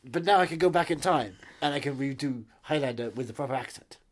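A man's voice: mid-range voice, quick pace. A man co-hosting a casual chat, joking and playful, slipping into silly bits. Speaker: podcast co-host.

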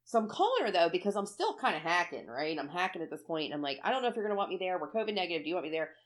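Animated woman telling a story. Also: lowish voice, rapid-fire. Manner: animated storytelling, acts out her own quotes, swears freely. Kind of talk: casual chat.

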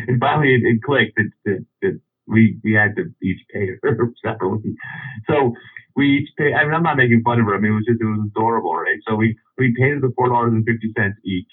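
A low-voiced, husky man tells a long, rambling story full of restarts and little chuckles. He comes through thin and boxy, like a caller on a radio phone line. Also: fast. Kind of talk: casual anecdote.

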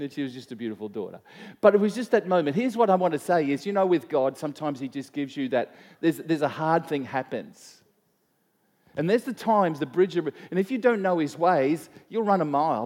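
A middle-aged pastor with a slightly high, slightly mellow voice preaches conversationally, telling stories and asking his listeners questions. Long hall reverb fills the recording.

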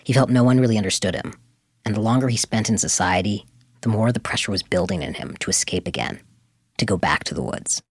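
Husky low male radio narrator. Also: no echo, clean studio sound. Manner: measured, dramatic storytelling. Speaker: show host and narrator.

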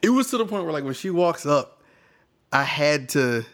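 Man, casual chat, lively storyteller, acts out quotes, voice jumps around. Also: fairly high pitch, normal speed.

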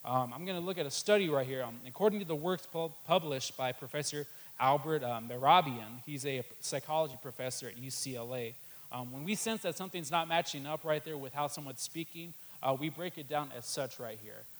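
A man delivers a sermon in an easygoing, talky way. His voice sits a little high for a man. He fills pauses with "um" and keeps tagging phrases with "right there.". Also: low-quality recording. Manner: conversational, many fillers, repeats "right there". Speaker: preacher.

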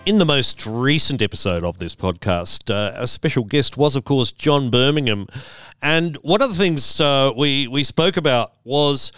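A man's voice: mid-range voice, expressive, moderate pace, fairly bright tone, smooth, soft background music. A man hosting a solo podcast, talking in a chatty, wry way with rambling asides. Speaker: podcast host.

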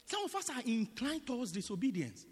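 A man preaching a sermon in a teaching manner, often checking whether the congregation understands, swinging between loud bursts and quiet asides. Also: very high voice, sing-song, brisk, husky, long reverb tail. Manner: teaching, repeatedly asking the congregation "do you get it?".

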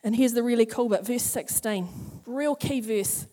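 A woman teaching a Bible passage in a chatty, animated sermon, acting out the characters as she goes. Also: fairly high pitch, moderate pace, few pauses.

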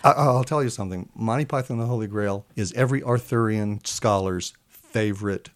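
A man, a literature scholar, talking through old English verse in a relaxed interview, sometimes reading lines aloud slowly with long, held vowels. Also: fairly low pitch. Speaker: literature professor guest. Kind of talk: animated explanatory chat with recitation.

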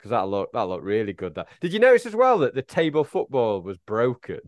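A man co-hosting a casual football podcast, talking in halting bursts with frequent restarts and chuckles. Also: medium pitch, wildly swooping pitch, no echo, clean studio sound. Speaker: podcast co-host.

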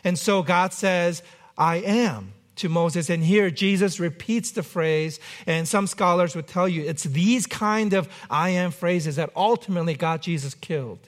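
A man's voice: high-pitched, unhurried. A man preaching a sermon as pastor, conversational with light humor.

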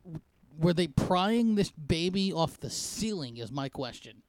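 A man's voice: a little high, animated, unhurried, noisy background. A man on a comedy podcast who stammers and restarts as he jumps into the talk. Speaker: podcast co-host. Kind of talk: casual comedy banter.

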